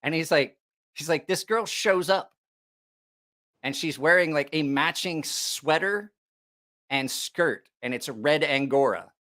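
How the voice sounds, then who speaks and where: A man hosting a casual livestream chat, telling a profane story with lots of laughter and animated asides. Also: a little high, a little slow. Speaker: knife channel host.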